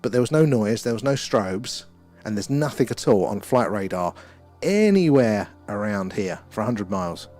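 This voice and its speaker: Excitable man hosting a live stream. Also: on the low side, normal speed, soft background music. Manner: excitable, rambling, talks to chat viewers by name. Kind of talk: live-stream chat and sky-watch commentary. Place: outdoors at night.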